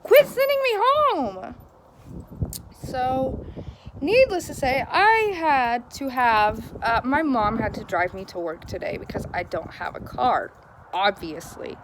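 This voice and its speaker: A young woman recording a casual vlog on her phone outside in the cold. She talks in a chatty, frustrated way with a fairly high voice and frequent laughs. Faint outdoor ambience sits behind her. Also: animated, a little slow, background noise. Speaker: vlogger.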